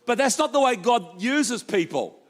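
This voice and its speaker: A man preaching a lively sermon as pastor, acting out quoted voices with jokey asides. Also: extremely high pitch, moderate pace. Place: church hall.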